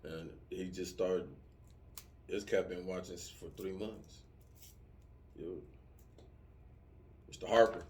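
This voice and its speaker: A middle-aged man talking casually, telling lively stories with profanity and acting out yelling soldiers. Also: deep voice, slow, pauses often, slight background noise. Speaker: vlogger answering subscriber comments. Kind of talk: casual chat.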